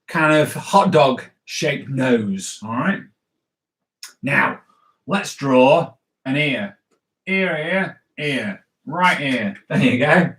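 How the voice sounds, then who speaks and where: Upbeat man, fairly high voice, running a live kids' drawing lesson in an echoey room. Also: a bit bright. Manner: upbeat, chatty, keeps checking "all right?". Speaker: comics drawing teacher. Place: indoors at home. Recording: roomy echo.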